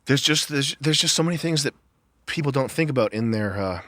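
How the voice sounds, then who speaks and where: A man's voice: medium pitch, animated, fairly quick, fairly bright tone, dry recording, studio quality. A man co-hosting a casual podcast chat, sarcastic and piling up long, incredulous rhetorical questions. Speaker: podcast co-host.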